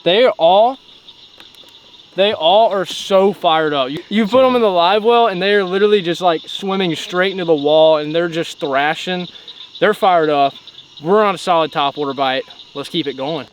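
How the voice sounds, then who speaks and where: Excitable young man fishing at night. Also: high-pitched, moderate pace, a little hiss or hum. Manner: excitable, exclaiming, breaks into whoops. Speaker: fishing vlogger. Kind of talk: excited outdoor vlog commentary. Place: pond at night, outdoors on a boat. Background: crickets and insects at night.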